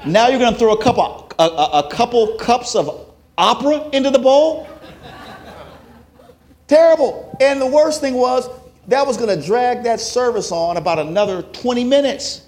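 A man giving a sermon testimony, telling a story with acted-out quotes that rise to loud, emotional peaks. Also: very high voice, moderate pace. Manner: self-described introvert, plain conversational delivery. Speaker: preacher.

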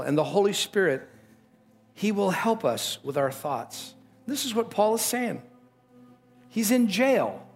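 A middle-aged man preaching a sermon as pastor, emphatic, with sudden lifts in pitch and a storytelling manner.

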